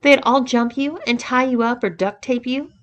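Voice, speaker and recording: A woman's voice: fairly high pitch, normal speed, muffled recording, lightly acted. A woman reading the part of a sheepish young man recounting a story, matter-of-fact.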